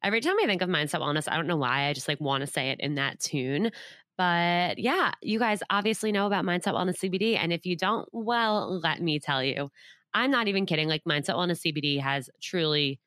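A woman's voice: on the low side, animated, a bit bright, no room sound, studio quality. A woman hosting a podcast, chatty and upbeat, reading an ad in a casual way. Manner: upbeat, chatty, lots of quick agreement. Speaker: podcast host. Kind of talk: casual podcast chat with ad read.

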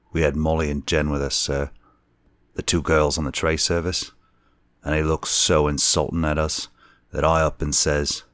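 A man's voice: extremely low pitch, a bit bright, no echo. A man voicing a young Cockney bellboy and former soldier, deferential and anxious, forever saying sir.

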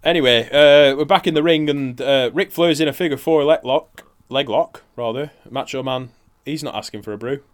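A man's voice: mid-range voice, normal speed, clear, resonant tone. A young man with a mid-range voice talks in casual, profanity-laced banter. He laughs as he goes and slips into matey commentary on a wrestling match. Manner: swears freely, laughs through stories. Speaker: co-host.

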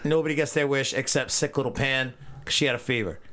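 Brief: man, podcast co-host, crude and jokey, casual recap chat, middle pitch. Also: bright, forceful tone. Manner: crude, jokey, acts out characters in quick asides.

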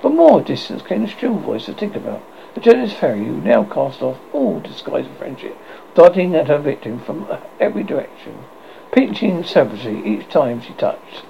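Expressive male storybook narrator. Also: fairly high pitch, moderate pace, gravelly, lo-fi sound, slight background noise. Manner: expressive, theatrical reading. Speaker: audiobook reader.

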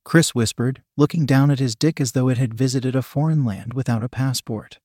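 A man reading a first-person story aloud as a steady narrator. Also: medium pitch, brisk, hardly any pauses, husky, no room sound, clean studio sound. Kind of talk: scripted narration.

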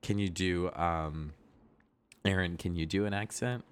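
A man's voice: deep voice, measured pace, clear, resonant tone. A man hosting a casual podcast chat, playfully prodding his guests with questions. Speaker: podcast host.

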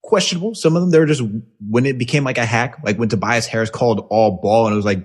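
A man hosts a sports podcast in a fired-up rant, swearing freely. His voice sits fairly low and carries a husky edge. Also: expressive, fast, few pauses. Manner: angry, ranting, swears a lot. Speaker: podcast host. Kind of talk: heated sports podcast chat.

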